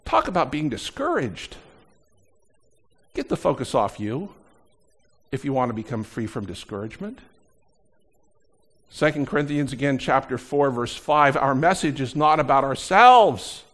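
A middle-aged man preaching a sermon as pastor, animated, swinging between loud emphasis and quieter asides. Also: mid-range voice, measured pace, long pauses.

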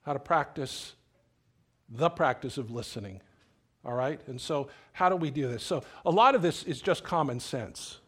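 A man's voice: mid-range voice, lively intonation, moderate pace, slightly rough. A middle-aged man preaches a sermon in a loose, conversational way, telling stories and restarting his phrases as he thinks. His voice sits in an ordinary middle register. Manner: conversational, storytelling, repeats words. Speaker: pastor.

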